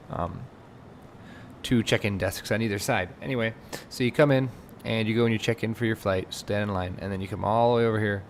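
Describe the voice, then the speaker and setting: A man's voice: lowish voice, slight background noise. A man giving rambling, casual commentary while playing a game, and he gets exasperated when things go wrong. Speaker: let's play host.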